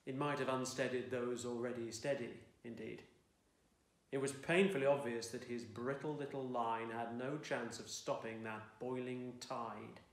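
A man's voice: mid-range voice, steady tone, measured pace, reverberant. A man reading his own fiction aloud in a dry, wry storytelling manner. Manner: dry, wry storytelling, belting out the shouted lines of dialogue. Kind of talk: expressive audiobook-style reading. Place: home room.

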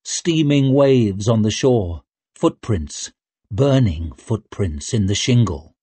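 A man narrating an audiobook in a measured, even storytelling manner. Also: fairly low pitch, husky, dry recording. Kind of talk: scripted narration.

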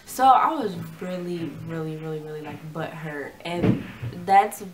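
A woman's voice: low-pitched, a little slow, very noisy. Chatty young woman vlogger, slangy. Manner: chatty, slangy, acts out dialogue in a lively way. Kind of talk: casual storytelling to camera.

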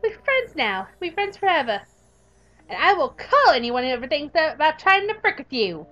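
A clingy young troll girl who snaps at strangers, her voice high and keyed up. A woman puts her on with a put-on sitcom-mom twang and a muddled accent, and light music plays underneath. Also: sing-song, moderate pace, sharp tone, dull audio, full character voice. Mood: intense clingy. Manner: snappy, defensive, intense. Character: possessive clingy young female troll nerd.

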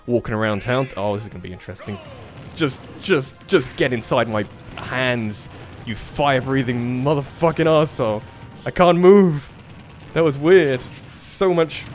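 A man's voice: mid-range voice, moderate pace. A young man streaming a fighting game, chatting casually about moving house and swearing at his opponents. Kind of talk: casual gaming commentary. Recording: faint game music behind.

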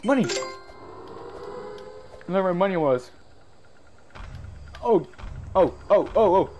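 Excitable high-voiced man playing a game. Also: slow pace, background noise. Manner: excitable, yelps and shouts at mishaps. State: stuffy nose, sneezing. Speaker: gaming YouTuber. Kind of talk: casual gameplay commentary.

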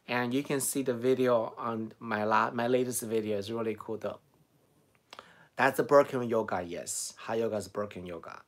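A man's voice: medium pitch, moderate pace. A middle-aged man with a Chinese accent, chatting casually on a live stream, reading out and answering viewer comments and laughing often. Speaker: beauty vlogger answering live chat.

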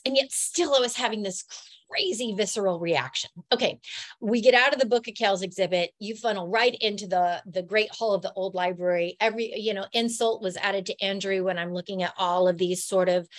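Brief: middle-aged female podcast host, earnest and heartfelt storyteller, mid-pitched voice. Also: no room sound. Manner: emotional, earnest, animated storytelling.

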